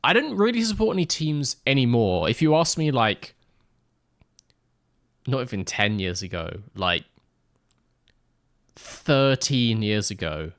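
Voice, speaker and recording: A man's voice: medium pitch, very animated, measured pace, pauses often, a bit bright, no room sound. A man streaming a driving game live, chatting loosely with his viewers on a close desk mic and rambling through side remarks. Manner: chatty, rambling, answers chat with asides. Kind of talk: live gameplay stream chat.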